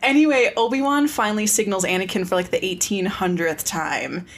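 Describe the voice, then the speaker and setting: A young woman co-hosting a podcast in casual chat, animated and playful, acting out characters as she recaps. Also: mid-range voice, brisk, slight background noise. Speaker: podcast co-host.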